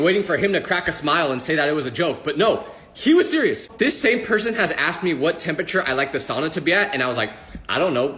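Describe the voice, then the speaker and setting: A young man telling a comic story from his school days with animated, punchline-driven delivery. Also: high voice. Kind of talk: storytime comedy monologue.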